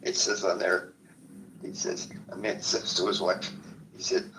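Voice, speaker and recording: Deep gravelly man, set back from the mic. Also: level tone, bright, forceful tone. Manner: meandering, halting retelling. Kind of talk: casual chat. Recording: distant mic with faint background noise.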